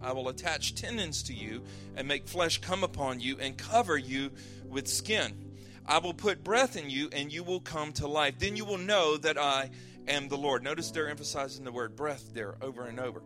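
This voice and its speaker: A male pastor with a fairly high, bright, forceful voice delivers a sermon. He reads scripture in an earnest, measured way and explains it casually, with soft guitar playing behind him. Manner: conversational with fillers and restarts.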